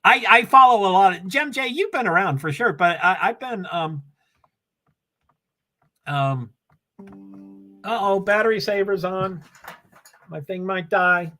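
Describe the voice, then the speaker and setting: Older male stream host, slightly high voice, scattered chatty delivery. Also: expressive, unhurried, pauses often, pushed and bright, soft background music. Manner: chatty and scattered, reading viewer comments aloud. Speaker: livestream host. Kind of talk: rambling casual livestream chat. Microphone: laptop.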